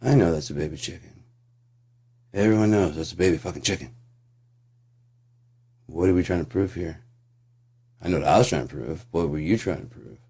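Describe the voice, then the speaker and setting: Very deep-voiced ranting man, husky. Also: fairly quick, pauses often, darkish tone. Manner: profane, sarcastic, ranting. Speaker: channel host. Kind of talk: casual monologue rant.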